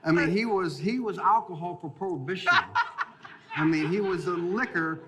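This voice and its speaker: A man's voice: sits high, normal speed, background noise. A man in his fifties, a former football player and interview guest, telling stories in a rambling way with frequent restarts and chuckles. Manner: rambling, laughing as he tells stories, many restarts. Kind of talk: casual storytelling in an interview.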